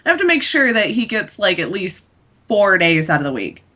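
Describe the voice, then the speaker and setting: A woman with a bright, lively voice argues on a casual podcast panel. Her pitch swings widely as she scoffs. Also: moderate pace.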